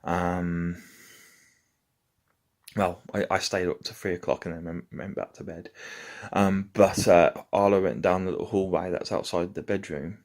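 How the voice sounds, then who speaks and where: Man, very low voice, rambling anecdote, vlog at home. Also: husky. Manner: rambling, loose anecdote-telling. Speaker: vlogger. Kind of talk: casual storytelling to camera. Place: at home, indoors.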